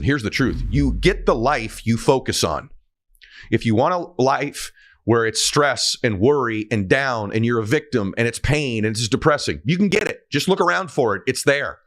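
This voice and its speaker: A man's voice: mid-range voice, lively intonation, normal speed, a bit bright. A man giving a motivational faith talk in an emphatic, urging, preachy manner. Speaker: motivational speaker.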